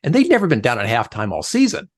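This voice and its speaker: A man's voice: medium pitch, fast talker, no room sound, clean studio sound. A middle-aged man, a leadership coach guesting on a podcast, talks it through and acts out the voices of the people in his stories. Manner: animated storyteller, acts out quoted voices. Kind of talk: conversational podcast interview.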